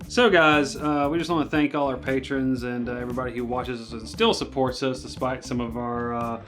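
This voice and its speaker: A man's voice: mid-range voice, steady tone, a little fast, fairly bright tone, faint music behind. A man co-hosting a casual chat, rambling with many fillers and frequent laughs. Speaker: co-host.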